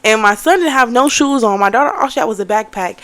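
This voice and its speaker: A young woman telling a story in a casual vlog, animated and cursing, talking to viewers as y'all. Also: on the high side, quick pace. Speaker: vlogger.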